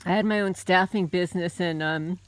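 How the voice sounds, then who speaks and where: Speaking fairly quickly with a rather even intonation, this lowish-voiced woman hosts a homesteading channel. She's middle-aged and American, and her personal story wanders loosely, packed with fillers and false starts.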